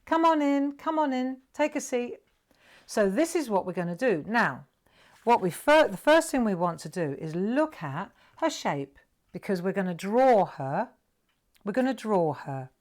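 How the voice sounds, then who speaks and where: A woman's voice: medium pitch, big pitch swings, unhurried, darkish tone. A middle-aged woman with a British accent hosting a live drawing tutorial, chatty and coaxing her viewers along. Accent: British English. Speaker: craft presenter.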